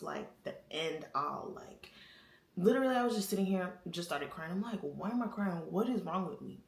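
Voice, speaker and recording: A young woman talking candidly to her viewers from her apartment, chatty and quick to laugh. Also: lowish voice, gravelly, echoey room. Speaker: vlogger. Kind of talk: casual confessional talk to camera.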